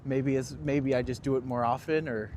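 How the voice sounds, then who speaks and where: Out walking on city streets, a Canadian tour guide keeps up lively, self-deprecating live-stream chatter. His pitch is medium and his speed normal, recorded on a handheld phone amid traffic noise.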